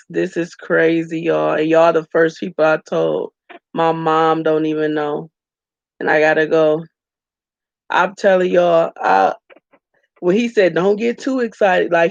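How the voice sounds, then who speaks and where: A woman records a candid, emotional vlog, tearful and addressing her viewers as y'all. Her voice carries a gravelly edge. The recording is dry and a bit dull, as if made on a phone in a small room. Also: on the low side, no echo. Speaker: vlogger.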